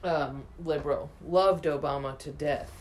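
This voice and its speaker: A young woman from upstate New York chatting casually as a co-host, blunt and animated, swearing freely. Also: low-pitched, unhurried. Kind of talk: casual chat. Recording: faint background noise.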